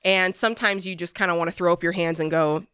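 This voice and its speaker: Animated woman telling a story in a dry studio. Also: lowish voice, quick pace, clear, resonant tone, no room sound. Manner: animated, emphatic storyteller who repeats phrases for effect. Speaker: co-host of a money advice show. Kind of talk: personal storytelling in studio conversation. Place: radio studio.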